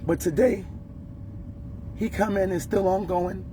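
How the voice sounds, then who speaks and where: A woman's voice: medium pitch, steady tone, measured pace, background noise. A woman speaking as a mother in an emotional, urgent direct-to-camera appeal, distressed and rising in anger.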